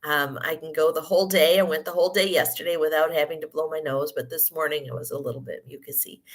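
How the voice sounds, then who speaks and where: A woman with a fairly low voice, still croaky from a recent cold and her first words of the morning. She explains a health topic at length in a loose, conversational way, with frequent ums and small self-corrections. The recording was made in a hotel room. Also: a bit bright. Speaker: podcast host. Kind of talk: casual explanatory monologue.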